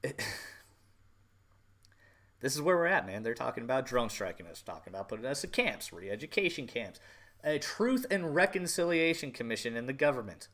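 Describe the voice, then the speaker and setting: Forceful, angry ranting man. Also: mid-range voice, big pitch swings, moderate pace. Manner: angry, profane, emphatic repetition. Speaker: podcast host. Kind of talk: political rant.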